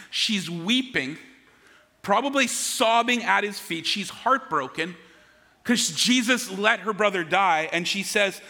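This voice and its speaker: The pastor here has a high, sharp-toned voice. Preaching earnestly and conversationally, he often repeats words, and the sanctuary adds a long hall reverb.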